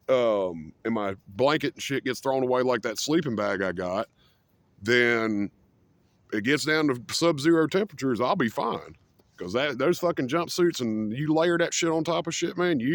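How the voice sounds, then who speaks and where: Casting: young man ranting to camera, profane and rambling, mid-pitched voice, dry close mic. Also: no echo. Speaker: vlogger. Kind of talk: casual rant to camera.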